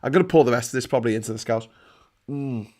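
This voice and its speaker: A man's voice: mid-range voice, fast, background noise. A middle-aged man hosting a live stream, chatting casually, joking and reading out viewer comments. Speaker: livestream host.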